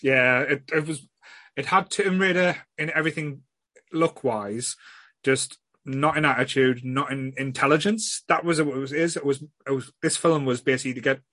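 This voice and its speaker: This is a man at a mid pitch, talking loosely as a podcast host, circling back and restarting his sentences and dropping a swear now and then. His voice sits close and dry, with no room sound around it. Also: moderate pace, pushed and bright, dry recording. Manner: rambling, frequent restarts, blunt swearing. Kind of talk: casual chat.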